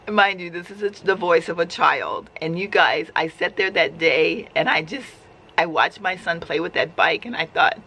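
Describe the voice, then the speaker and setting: A woman's voice: on the low side, a little slow, pushed and bright. A woman sharing a personal faith testimony in casual, heartfelt storytelling, talking conversationally with frequent restarts.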